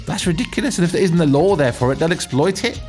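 A man hosting a comic radio show, telling slangy, animated stories. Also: on the high side, quick pace. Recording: music playing underneath.

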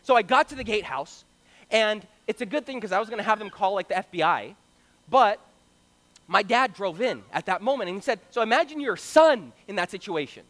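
A young man from Brazil telling a story in an animated sermon, acting out the voices of the people in it. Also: high-pitched, a little fast. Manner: animated, acts out quoted voices. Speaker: preacher. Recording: long hall reverb.

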